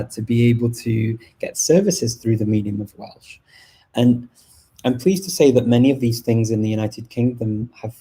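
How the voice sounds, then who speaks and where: Northern english guy, liverpool roots, mellow husky voice, casual livestream chat with lots of ums. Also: mid-range voice, rough recording. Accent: northern English, softened Liverpool. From Liverpool, England. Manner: thoughtful, many restarts and fillers. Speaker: language channel host. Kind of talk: casual live talk to viewers.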